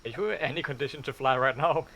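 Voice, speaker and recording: A man's voice: mid-range voice, quick pace, fairly bright tone, a little hiss or hum, low-quality recording. A man playing a tabletop game, chatting with dry, wry remarks. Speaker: player. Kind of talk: casual tabletop chat.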